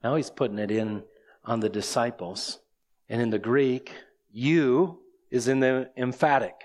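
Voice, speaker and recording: A man's voice: mid-range voice, fairly even intonation, normal speed. A man preaching an expository sermon, explaining scripture and asking the listeners rhetorical questions.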